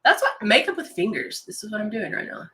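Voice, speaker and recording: Fairly quick and very animated, a makeup consultant speaks in a bright, forceful, mid-range voice on her live stream. She demonstrates makeup with casual, enthusiastic chatter, pausing to read out comments from viewers.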